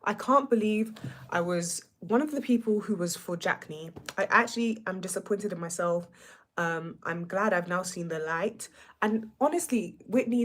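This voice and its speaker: A woman's voice: medium pitch, slight background noise. A young woman hosting a livestream, ranting sassily about a reality show. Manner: animated, sassy, ranting. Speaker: livestream host. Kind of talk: reality show reaction rant.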